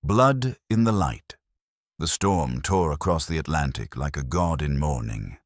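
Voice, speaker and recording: A man's voice: a bass voice, expressive, measured pace, dry recording, clean studio sound. A man giving dramatic, scripted audiobook narration.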